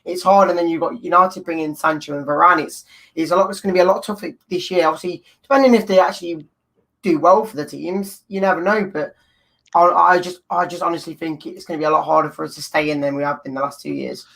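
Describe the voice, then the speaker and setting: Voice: medium pitch, fairly even intonation, quick pace, creaky, a bit bright. A young adult guest fan in casual chat, hesitant and thinking aloud.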